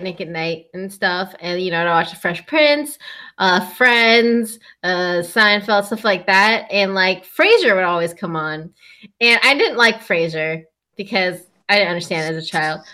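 Bright-voiced giggly woman ranting. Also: medium pitch. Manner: rambling, giggly ranting with frequent "like" and swearing. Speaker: podcast co-host. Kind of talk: casual podcast chat.

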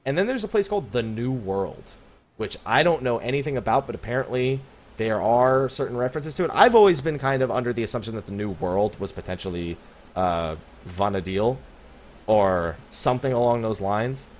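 A man's voice: mid-range voice, lively intonation, fairly quick. A man co-hosting a gaming podcast, rambling casually, laughing often and swearing now and then. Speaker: podcast co-host.

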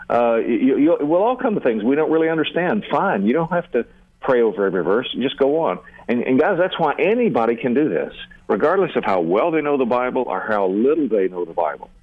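A man's voice: medium pitch, big pitch swings, brisk, no room sound, narrow, tinny audio. Older man teaching on prayer, phone-thin radio sound. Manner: earnest, repeats words when starting sentences. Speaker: seminary teacher and guest.

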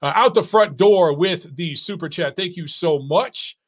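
Middle-aged male host, slightly higher voice, loose and chatty, fillers, restarts and the odd swear. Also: a little slow. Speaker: boxing show host reading live chat. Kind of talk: casual live-stream chat.

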